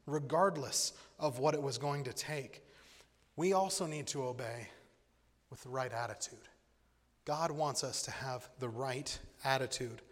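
A man preaching a sermon in an animated way, acting out the voices in his stories. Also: medium pitch, slightly rough. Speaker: pastor. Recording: long hall reverb.

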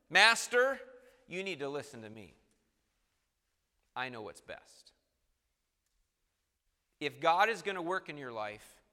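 A man preaching a sermon, emphatic and building to forceful peaks. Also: high-pitched, in a large hall.

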